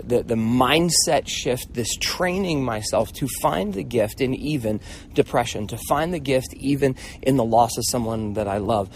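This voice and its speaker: A middle-aged man hosting a motivational mentoring talk, telling stories in a casual, animated way and acting out voices, with a swear word now and then. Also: mid-range voice, slight background noise. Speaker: host, mentor.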